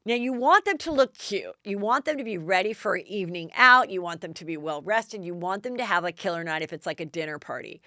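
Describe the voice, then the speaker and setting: This Los Angeles podcast host has a fairly bright voice and runs a casual gossip show, chatting through stories and performing other people's lines with big jumps in pitch. The recording is studio quality with no echo.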